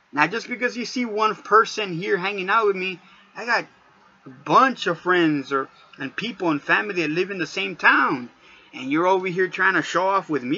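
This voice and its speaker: A man's voice: a little high, pushed and bright, dull audio. A man ranting casually to camera in a heated, profane storytelling vlog. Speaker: vlogger.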